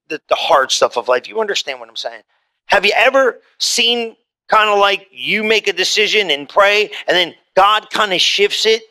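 A man's voice: sits high, pushed and bright. A man preaching a sermon in a plain conversational way, rising into emphatic readings of scripture before a congregation. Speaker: pastor. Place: church hall with congregation.

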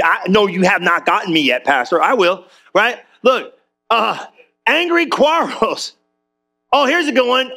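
A man preaching an energetic, conversational sermon in a church, full of quick asides to the congregation. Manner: energetic, conversational, high-spirited with frequent asides. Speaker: pastor.

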